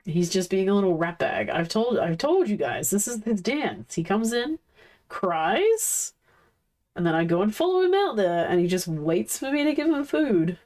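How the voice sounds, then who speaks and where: A woman's voice: mid-range voice, very animated, normal speed, a little mellow. A woman streaming live, chatting casually and coaxing and playfully scolding her pets.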